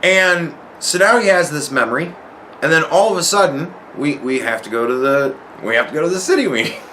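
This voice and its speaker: A man hosting a podcast, telling a story casually in a profane, animated way and acting out other people's lines. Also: on the high side, a little fast, a little hiss or hum, low-quality recording. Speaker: podcast host.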